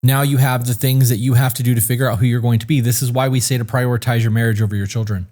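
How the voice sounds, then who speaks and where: A man co-hosts a podcast in loose, candid chat. He rambles and swears freely, his voice sitting at an ordinary middle pitch. He sounds short on sleep. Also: fairly even intonation, fast talker, a little mellow. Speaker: podcast co-host. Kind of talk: casual chat.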